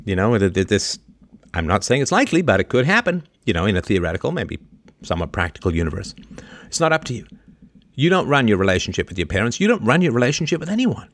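A man hosting a livestream and answering a listener's question in a long, opinionated monologue. He lectures emphatically, repeats his key lines, and swings between loud sarcastic jabs and quieter asides. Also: fairly low pitch, big pitch swings, fast talker, dry recording.

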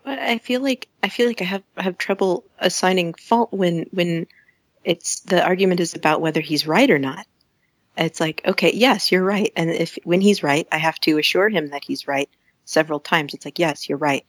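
A woman's voice: on the low side, moderate pace, no echo. A woman calling in to an advice show who speaks tentatively, often restarting her sentences. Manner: soft, tentative, restarts and nervous laughs. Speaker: caller. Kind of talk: call-in advice talk.

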